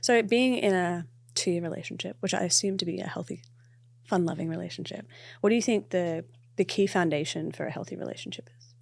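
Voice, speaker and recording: Brief: podcast co-host, woman, fast, lowish, close dry mic. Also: vocal fry, darkish tone, dry recording. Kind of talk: casual chat.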